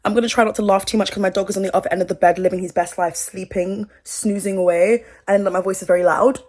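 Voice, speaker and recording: A woman's voice: mid-range voice, steady tone, fast talker, darkish tone. A British woman chatting sassily in a get-ready-with-me commentary from her bedroom, laughing often and using slang. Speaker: commentary YouTuber.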